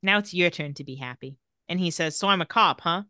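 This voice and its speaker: Woman, podcast co-host, casual recap chat, flat line reading, lowish voice, dry close sound. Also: brisk, no room sound. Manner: retells scenes and reads quotes in a flat voice.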